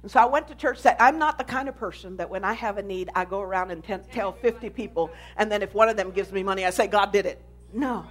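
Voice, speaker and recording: A woman pastor giving an animated sermon testimony, telling her story with emphasis. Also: mid-range voice, fast talker, hardly any pauses.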